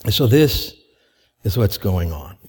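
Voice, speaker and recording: A man's voice: lowish voice, big pitch swings, a little mellow, husky. A man preaching a sermon to a congregation in a conversational way, asking rhetorical questions and growing emphatic as he goes. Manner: grows emphatic and quickens when stirred. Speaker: pastor.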